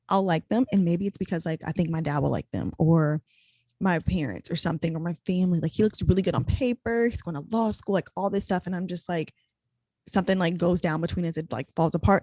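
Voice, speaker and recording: A young woman hosting a podcast, her voice sitting a little low. She talks in a quick, chatty stream packed with "like" fillers. The sound is dry and close, with no room echo. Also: mellow. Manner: rapid, chatty, full of "like" fillers. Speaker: podcast host. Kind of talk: casual chat.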